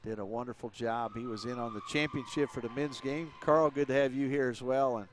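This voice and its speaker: A man's voice: mid-range voice, steady tone, fairly quick, a little hiss or hum. Chatty male basketball announcer. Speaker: play-by-play announcer. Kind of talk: sports commentary.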